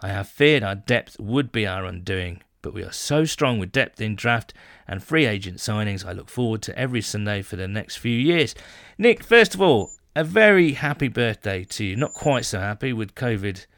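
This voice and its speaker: A man's voice: on the low side, expressive, normal speed, fairly bright tone, no echo, studio quality. A man from the United Kingdom hosting a casual podcast, reading out listener messages and reacting with jokes. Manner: chatty, jokey, reads messages then reacts. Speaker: podcast host.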